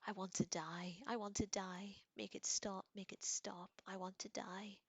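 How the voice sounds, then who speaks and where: An old wizard headmaster pleads in slow, broken whispers, as a woman puts him on in whispered role-play. The voice sits low, and the recording is dry and close. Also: little pitch movement, dry recording. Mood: anguished pleading.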